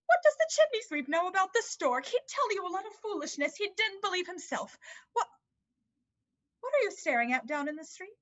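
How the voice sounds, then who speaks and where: A woman's voice: extremely high pitch, big pitch swings, brisk, fairly bright tone, exaggerated voice. A woman doing a flustered, fussing mother. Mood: teasing. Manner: fussy, evasive, flustered. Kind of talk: amateur online dramatic reading. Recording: dull lo-fi sound.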